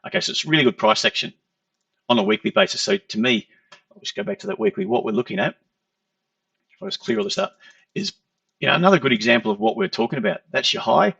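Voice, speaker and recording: Going through trading charts in a conversational lesson, a man explains fast, pauses often, and keeps checking in with "okay." His voice sits high, creaky and fairly bright, with big swings in pitch. No room sound, but the audio is dull, lo-fi, and recorded from afar.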